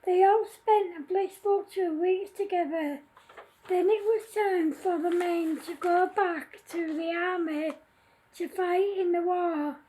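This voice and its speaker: High-voiced woman reading a story. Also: fairly even intonation, slow, warm tone, poor audio. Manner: plain reading with small slips and restarts. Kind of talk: read-aloud storytelling.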